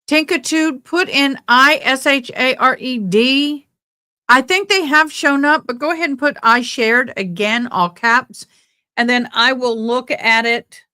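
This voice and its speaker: High, slow-talking bright woman host. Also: clear, resonant tone. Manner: chatty, reads out viewer comments. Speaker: livestream host covering a trial. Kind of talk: casual live chat.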